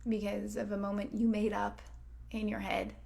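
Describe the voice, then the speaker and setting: Hosting her motivational podcast, a coach in her thirties talks casually and candidly, swearing and using many fillers, at times dropping to a near-whisper for emphasis. Her voice is medium-pitched, monotone, gravelly and a little mellow, at a moderate pace.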